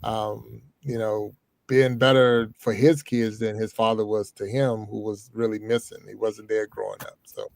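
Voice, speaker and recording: A man's voice: fairly low pitch, little pitch movement, normal speed, creaky, darkish tone, dry recording. A man hosting a talk show, reading a listener's question and responding in a hesitant way. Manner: hesitant, many fillers and restarts. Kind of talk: casual conversation.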